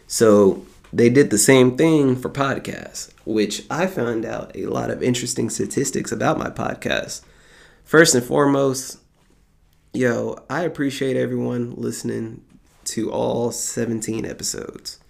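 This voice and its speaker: A young man from the US rambles through his podcast in a loose, easygoing way, peppering it with jokes and swearing. His mid-range voice is creaky, and he keeps a measured pace.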